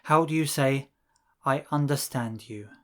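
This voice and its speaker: A man teaching a scripted language lesson, saying phrases slowly and deliberately and pausing so the listener can repeat them. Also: medium pitch. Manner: slow, deliberate drilling with pauses for repetition.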